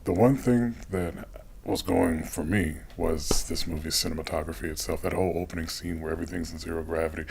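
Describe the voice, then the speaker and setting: A man's voice: low voice, fairly even intonation, brisk, darkish tone, a little hiss or hum. A man co-hosting a podcast, talking casually about a movie, explaining his views at length and murmuring agreement while his partner talks. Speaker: podcast co-host.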